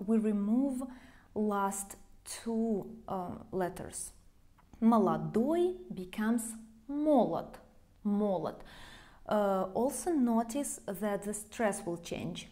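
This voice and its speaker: A woman teaching a language with a Russian accent, explaining grammar slowly and patiently and often checking understanding with a questioning "yeah?". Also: medium pitch, mellow. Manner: slow, patient, repeats phrases, asks "yeah?" to check understanding.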